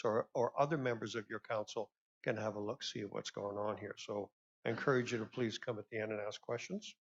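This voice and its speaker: Male session moderator, mid-pitched, chatty and polite, dull lo-fi recording. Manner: chatty, courteous, repeats his requests. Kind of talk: formal welcome and announcements. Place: convention session room. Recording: dull lo-fi sound.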